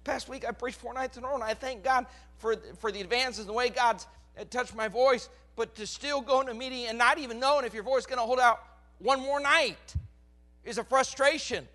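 A pastor in his forties preaches an animated sermon in a high, bright voice that sounds crackly and strained. He talks a little fast and gets loud for emphasis as he hammers his points home.

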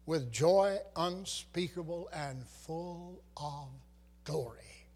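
A preacher with a high-pitched voice delivers a sermon. He quotes scripture with dramatic, swelling emphasis. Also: animated, takes it slowly.

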